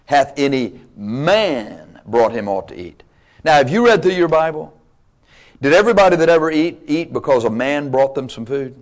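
Emphatic male preacher, slightly high voice. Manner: emphatic, swings between loud and quiet, playful asides. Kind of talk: sermon.

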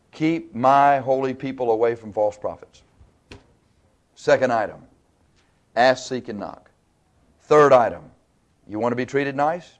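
A man preaching a sermon, asking his listeners questions and answering them himself, with loudness and pitch rising and falling. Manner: varies pitch and loudness widely.

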